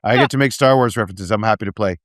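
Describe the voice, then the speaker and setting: A man's voice: fairly low pitch, racing, a bit bright, no echo, clean studio sound. A man co-hosting a casual movie podcast, laughing often and making jokey asides. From Canada. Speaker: podcast co-host.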